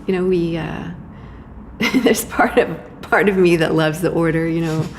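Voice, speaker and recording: A woman's voice: lowish voice, measured pace, a little hiss or hum. A woman being interviewed, reflecting in a conversational way, hesitant, with many fillers and restarts. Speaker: interview guest.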